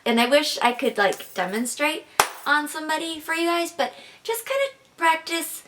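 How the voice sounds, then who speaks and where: A woman's voice: high-pitched, lively intonation, moderate pace, background noise. A young woman giving chatty, casual advice in a vlog, filling her talk with "like" and "kinda". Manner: chatty, filler-heavy with frequent "like" and "kinda". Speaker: advice vlogger.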